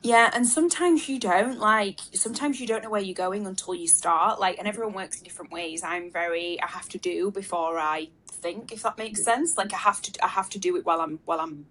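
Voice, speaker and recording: A woman's voice: mid-range voice, brisk, few pauses, fairly bright tone. A woman, a marketing expert guest on a webinar, answering casually and thinking aloud with lots of fillers and restarts. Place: video call webinar.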